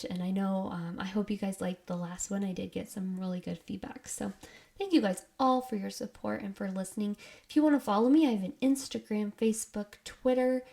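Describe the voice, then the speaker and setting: A woman hosting a podcast, retelling ghost-hunting stories in a casual, excitable way with frequent laughs. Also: mid-range voice. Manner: excitable, giggly, says "creepy" a lot. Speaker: podcast host.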